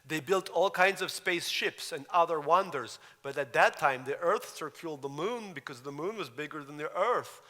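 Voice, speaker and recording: A man's voice: on the high side, moderate pace, hardly any pauses, pushed and bright, voice pushed up. A man voicing a young immigrant boy with a thick Russian accent, reading his own story in earnest, formal schoolbook English. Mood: eager. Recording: lecture hall reverb.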